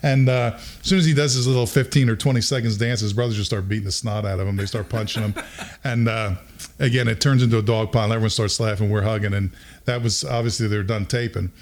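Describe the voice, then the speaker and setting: A middle-aged man telling a story in casual conversation, lively and chuckling, often acting out what other people said. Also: fairly low pitch, fast. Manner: animated, acts out quoted voices, chuckles while telling.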